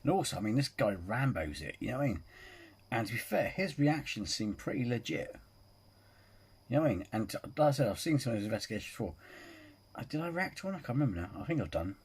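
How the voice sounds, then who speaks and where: A man's voice: mid-range voice, very animated, fast, husky. A man hosting a reaction video, rambling casually, repeating filler phrases and swearing freely. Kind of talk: casual chat.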